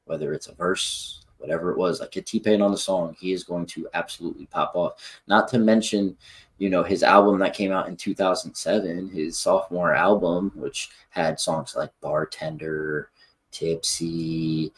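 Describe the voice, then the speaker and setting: Low-voiced, excitable male podcast co-host. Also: normal speed, breathy edge. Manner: excitable, bursts into loud exclamations. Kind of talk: casual sports and music podcast chat.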